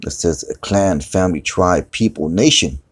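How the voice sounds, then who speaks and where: A man's voice: deep voice, normal speed, slightly rough. A man teaching scripture in a loose, conversational way, repeating words and often saying "man". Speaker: preacher. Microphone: phone screen recording.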